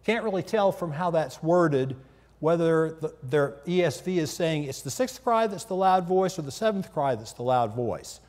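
A man's voice: fairly high pitch, lively intonation, moderate pace, a little mellow. Man teaching scripture in a reverberant hall. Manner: conversational, asks the listeners questions. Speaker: preacher. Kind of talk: Bible teaching sermon.

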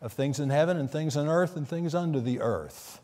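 A man's voice: on the high side, normal speed, darkish tone. Man teaching scripture in a reverberant hall. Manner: conversational, asks the listeners questions. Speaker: preacher. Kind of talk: Bible teaching sermon.

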